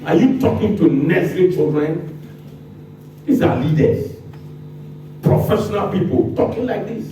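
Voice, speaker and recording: A Ghanaian man gives a fired-up lecture and pelts his listeners with rhetorical questions. His voice sits high and swings widely, with a mellow, dark tone. He sounds far from the mic in a very echoey room with faint background noise. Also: animated, a little slow, long pauses. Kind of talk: public lecture.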